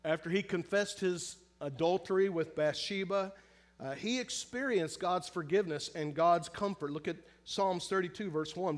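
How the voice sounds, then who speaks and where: A man preaching a sermon in earnest, pressing hard on some phrases and drawing others out softly and slowly, often asking his listeners direct questions. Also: sits high, expressive. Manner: earnest preaching, shifts between loud emphasis and soft, slow, drawn-out phrases. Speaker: pastor.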